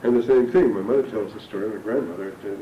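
An older man, a religion lecturer, gives a classroom talk on scripture that wanders into anecdotes and dry humor. His voice sits fairly low and moves at a quick pace. The audio is narrow and tinny, recorded from a distance in a roomy space with background noise.

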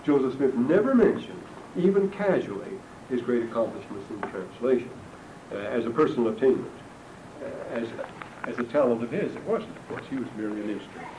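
In a medium-pitched, animated voice, the older religion lecturer talks briskly, though the highs in the audio are cut off. His scripture lecture meanders through anecdotes and dry humor. Background noise fills the roomy, distantly recorded space.

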